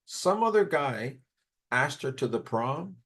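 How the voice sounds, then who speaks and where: A man's voice: mid-range voice, very animated, takes it slowly, fairly bright tone. A man in his fifties, co-hosting a podcast, telling a personal story in a candid, rambling way and swearing freely. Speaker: podcast co-host. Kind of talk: casual storytelling chat.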